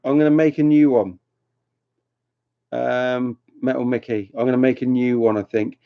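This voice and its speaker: A man's voice: mid-range voice, flat delivery, moderate pace, gravelly, clear, resonant tone. A man hosting a casual livestream, rambling and chatty as he reads comments and teases viewers, often laughing. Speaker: livestream host reading chat. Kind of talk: casual live chat with viewers. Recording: dull lo-fi home stream audio.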